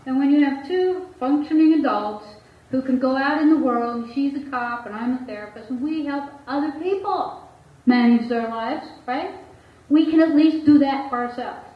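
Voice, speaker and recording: Speaking in a high voice at normal speed, a woman therapist opens up candidly to an audience about her life. She laughs a lot and performs the voices she quotes, heard from a distance in an echoey room on a dull, lo-fi recording.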